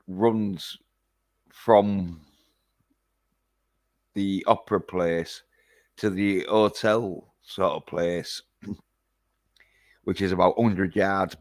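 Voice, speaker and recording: A man's voice: low voice, steady tone, drawn-out words, pauses often, a little mellow. A man recapping a film in a casual, rambling way, full of hesitations and swearing. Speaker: film reviewer.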